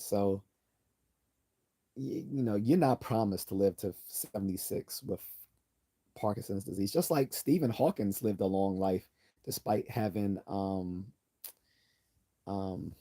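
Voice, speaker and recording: A man hosts a casual livestream in a low, mellow voice. He rambles, restarts his sentences and corrects himself as he goes. He reads out viewer comments and answers them. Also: a little slow. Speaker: livestream host.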